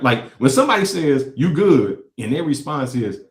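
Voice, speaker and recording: Preachy man with a lively voice. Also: medium pitch, normal speed, hardly any pauses, roomy sound. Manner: animated and preachy, acts out quotes. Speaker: podcast host. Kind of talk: casual commentary reacting to clips.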